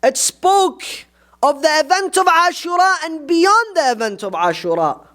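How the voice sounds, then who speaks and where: Man, sermon, very high pitch, impassioned, rhetorical questions, mosque. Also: sing-song, unhurried, bright, forceful tone. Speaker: preacher.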